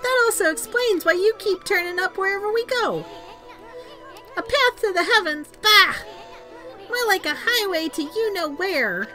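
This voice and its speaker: Woman voicing a squeaky, brash tiny sidekick. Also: expressive, unhurried, sharp tone, soft background music, full character voice. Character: tiny brash male sidekick, loud and cocky.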